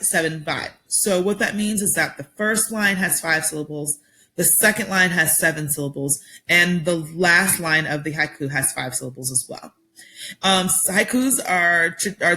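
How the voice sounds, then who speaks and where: A woman's voice: fairly low pitch, pushed and bright. A woman teacher giving a recorded vocabulary lesson to her students, explaining patiently step by step with frequent ums.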